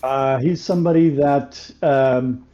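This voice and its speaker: Dark-voiced man, halting, dull sound. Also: mid-range voice, steady tone, soft background music. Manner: halting, stumbling speech. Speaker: player. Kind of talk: casual tabletop play.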